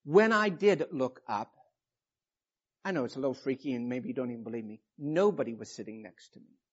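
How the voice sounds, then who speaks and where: In a muffled, low-fidelity recording, a male pastor in his fifties delivers a sermon, emotionally sharing a personal story and reading scripture with mounting passion. He speaks briskly with lively intonation and a breathy edge.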